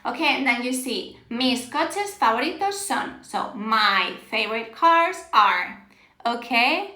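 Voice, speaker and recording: This is a live-streamed Spanish class captured on a phone, where an animated woman warmly and slowly encourages viewers, reading their answers and complimenting them. Her voice is high and bright, she laughs easily, and she blends English with Spanish in an echoey room.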